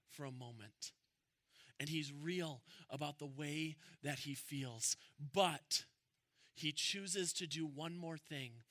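A young man preaching a sermon, conversational and animated, building to emphatic peaks. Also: on the high side, no echo, studio quality. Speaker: pastor.

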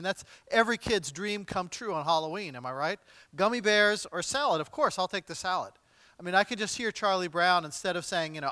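A man's voice: high voice, bright, forceful tone, no echo. A man preaching a sermon as pastor, conversational with light humor, turning dramatic when he reads scripture aloud. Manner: dramatic readings with wide swings in volume.

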